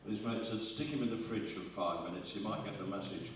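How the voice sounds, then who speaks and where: A man, telling jokes on stage with brisk asides. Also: on the low side. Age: 80s. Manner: brisk anecdotal delivery with quick asides. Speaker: comedian. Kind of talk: live stand-up joke telling. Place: arts centre auditorium on stage. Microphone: distant audience recording. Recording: distant echoey hall recording, dull and noisy.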